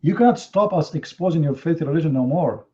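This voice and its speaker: A man with a rather high voice hosts a heated live online debate, goading his opponents with sarcastic rhetorical questions. His English is non-native in its grammar. The stream audio sounds a little dull and muffled. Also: expressive, fairly quick, dark tone. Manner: confrontational, mocking, rhetorical questions. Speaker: debate host.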